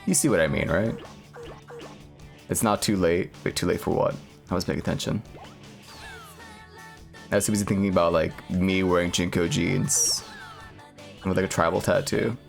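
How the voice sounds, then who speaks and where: A man streaming a game and chatting casually, rambling with lots of filler words and deadpan jokes. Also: sits low, moderate pace, gravelly, pauses often, faint music behind. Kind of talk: casual gaming stream chat.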